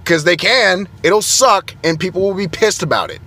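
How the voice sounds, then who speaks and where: A man's voice: high-pitched, normal speed, bright, forceful tone. A young man, an IT technician, ranting in a flustered, exasperated way and stumbling over his words. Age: young adult. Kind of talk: heated vlog rant.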